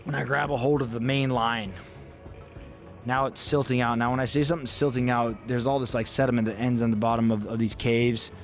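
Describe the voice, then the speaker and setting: A man's voice: medium pitch, steady tone, a little fast, soft background music. Man telling a story, swearing freely. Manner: vivid, acts out his own inner thoughts. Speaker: podcast guest. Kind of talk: casual storytelling.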